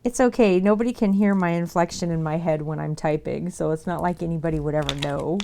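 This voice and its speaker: A woman with a lowish, mellow voice and some vocal fry talks briskly and casually on a live stream as she crafts her own merch at her home desk. She laughs a lot and chats with both her viewers and her dog.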